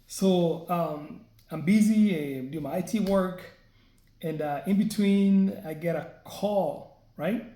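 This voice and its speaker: A fairly high-voiced man tells a story straight to his viewers, chatty and loose, often tossing in a quick "right?" to check they're following. His tone is mellow and soft-edged. The sound bounces around a bare, echoey room. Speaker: vlogger. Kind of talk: casual storytelling to camera.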